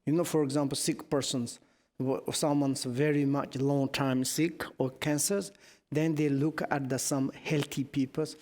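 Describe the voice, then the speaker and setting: Middle-aged Tibetan-accented man, Buddhist teacher, anecdotal and halting, slightly raised voice, long hall reverb. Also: on the high side, little pitch movement, a little mellow. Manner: halting non-native English, anecdotal, chuckling. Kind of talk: dharma teaching to students.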